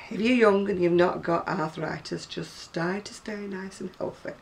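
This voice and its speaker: A woman's voice: fairly low pitch, unhurried, creaky, distant mic. A woman in her sixties with a northern English accent, chatting casually and rambling to camera about her crafts, often laughing. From North West England. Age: 60s. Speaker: craft seller.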